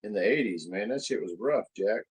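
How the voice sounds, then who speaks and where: A man in his forties from North Las Vegas chats on a podcast in an easygoing way, mostly dropping short replies. His voice is low and husky, and it is recorded close and dry. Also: expressive, fairly quick, no room sound. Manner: laid-back, short agreeing replies. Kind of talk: casual chat.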